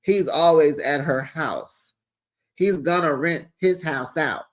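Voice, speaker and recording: A man recaps reality TV in a sassy, chatty way, talking right to his audience. His voice sits a little higher than most men's. He sounds animated and playful as he shares the gossip. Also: takes it slowly. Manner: sassy, animated, talks straight to viewers.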